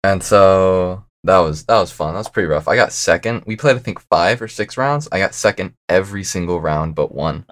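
A man's voice: deep voice, moderate pace, few pauses, no room sound. A young man chatting casually as a podcast guest, laid-back and a bit mumbly, laughing often. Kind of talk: casual chat.

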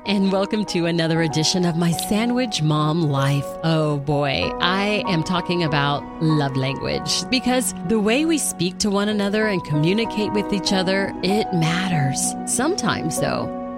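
A woman's voice: on the low side, normal speed, few pauses, loud music behind the voice. A middle-aged woman hosting her podcast in a casual, chatty monologue, acting out family conversations. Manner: animated, chatty, acts out family quotes. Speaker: podcast host.

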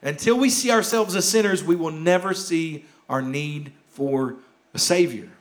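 In a church sanctuary, a pastor preaches a sermon with urgency and passion, his voice fairly high and his pace unhurried. He repeats key phrases and sometimes drops to a hush.

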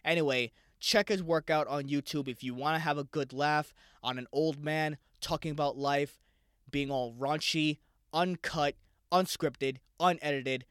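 A man's voice: a little high, measured pace, a bit bright, clean tone, no room sound, studio quality. Profane, rambling podcast host, man. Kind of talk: casual solo podcast rambling.

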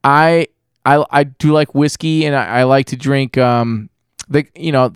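A man's voice: mid-range voice, fairly even intonation, unhurried, smooth, dry recording, clean studio sound. An American man in his thirties hosting a podcast over a video call, chatty and rambling with easy laughs. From United States. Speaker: podcast host. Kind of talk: casual chat.

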